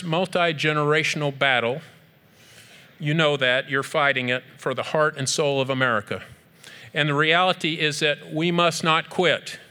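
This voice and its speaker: A middle-aged man addresses an audience with earnest, emphatic conviction and builds his points through rhetorical repetition. His voice sits a little high for a man and sounds bright and forceful. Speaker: speaker honoring a group at an event. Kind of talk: speech to an audience.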